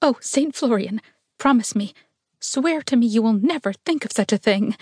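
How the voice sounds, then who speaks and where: A woman's voice: on the high side, unhurried, a little mellow, dry recording, studio quality. A woman reading aloud voices a tender, passionate young woman who speaks in a pleading, quivering way, in a raised voice. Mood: anguished. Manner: pleading, tremulous.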